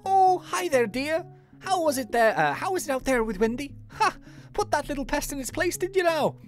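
A fussy, motherly old spirit bear, as a woman puts her on, with a put-on Irish lilt, reading game lines in a high, fluttery, sing-song voice much higher than her usual one. She swoops up and down and keeps calling the player dear, with light background music. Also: very animated, moderate pace. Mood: fussy, doting. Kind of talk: reading game dialogue aloud in a voice.

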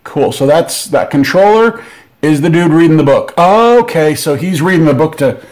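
A man hosting a board game channel, giving casual unboxing commentary with excitable, joking asides. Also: fairly high pitch, normal speed.

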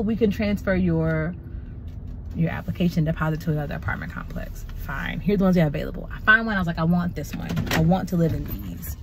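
A woman's voice: on the low side, expressive, fairly quick, slight background noise. A young woman vlogging and telling a story in a casual, exasperated way, venting with slang. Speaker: doctoral student vlogger.

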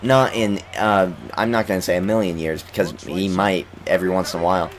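A young man with a lowish voice talks over a basketball video game in loose, excitable commentary. He coughs now and then while getting over an illness and trash-talks the players on screen. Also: a little fast, a little hiss or hum. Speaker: gaming YouTuber. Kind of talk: casual let's-play commentary.

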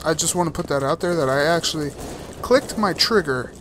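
A man giving live commentary on his own shooter game, excitable and self-mocking, who breaks into sudden whoops and cheers. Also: fairly high pitch, moderate pace, noisy background. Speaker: gaming YouTuber. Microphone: desktop USB microphone. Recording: game gunfire loud behind voice. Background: shooter game gunfire and effects.

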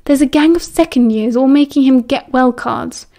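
A woman doing a squeaky, huffy teenage boy. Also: moderate pace, dark tone.

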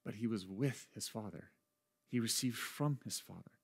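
A man preaches as a pastor in a lowish, slightly rough voice with vocal fry, keeping a moderate pace. His sermon is chatty and self-deprecating, full of laughter at himself, and it veers from hushed to loud.

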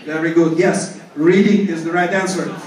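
A man's voice: a little high, steady tone, normal speed, very echoey, distant mic, low-quality recording. A man with a Russian accent, MC at a birthday party, running a joking trivia quiz for the tables in English and Russian. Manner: jokey, playful, switches between English and Russian. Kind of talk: party hosting, quiz questions to guests. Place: banquet room at a hotel party.

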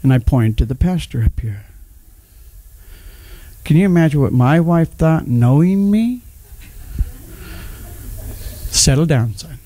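Slow-preaching middle-aged male pastor. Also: on the high side, animated, dark tone, dry recording. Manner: personal testimony, emphatic, calls on the congregation. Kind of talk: sermon.

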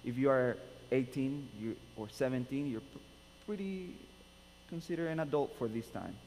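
A man with a Nicaraguan Spanish accent leads a church service as pastor, informal and self-deprecating in his humor. His mid-pitched voice carries a long reverberant tail from the church hall, and a faint hum sits underneath. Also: moderate pace, darkish tone. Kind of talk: friendly church welcome and sermon. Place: church sanctuary.

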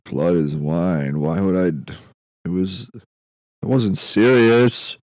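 A young man hosting a podcast, rambling through a comedic monologue in a meandering, deadpan way, often stopping himself mid-thought. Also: low voice, takes it slowly, no room sound, clean studio sound. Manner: meandering, self-interrupting, deadpan musing with frequent fillers. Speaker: podcast host.

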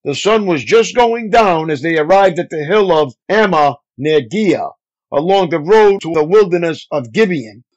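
A male pastor reads scripture aloud, phrase by phrase, at a measured pace. His voice is pitched high. The recording sounds dull and lo-fi. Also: expressive. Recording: dull lo-fi audio.

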